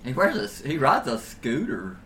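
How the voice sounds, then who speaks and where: A man's voice: medium pitch, very animated, normal speed, fairly bright tone, slightly rough. A man in casual comedic banter, teasing and laughing often, with faint background ambience.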